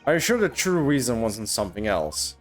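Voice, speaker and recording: Game read: man voicing an earnest young lawyer, soft-spoken, animated intonation. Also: medium pitch, brisk, soft background music, voice pushed down, lightly acted.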